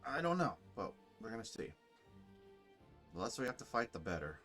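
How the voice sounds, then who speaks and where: A man's voice: fairly low pitch, big pitch swings, normal speed, a bit bright, faint music behind. A man casually commenting while playing a story game and reading its dialogue aloud.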